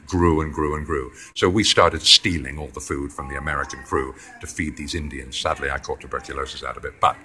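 An English man in his seventies with a deep voice, rambling through long anecdotes as an interview guest. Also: fairly even intonation, brisk, few pauses, bright, forceful tone. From England. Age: 70s. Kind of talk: anecdotal storytelling. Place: indoors near a corridor.

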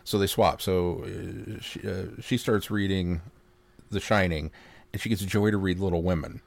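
An older man co-hosting a podcast in casual chat, an animated storyteller who laughs often. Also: low-pitched, moderate pace, creaky, dry recording. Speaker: podcast co-host.

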